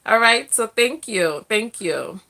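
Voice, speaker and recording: Lively, bright-voiced woman from the Bronx. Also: a little high, slow, gravelly. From the Bronx, New York. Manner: chatty, laughs often, reads viewer comments aloud. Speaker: live stream host. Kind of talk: casual live call-in chat.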